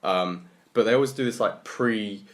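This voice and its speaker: A young man with a lowish voice speaks at a moderate pace, co-hosting a casual podcast. He chats easily, tossing questions to the others and laughing as he tells things.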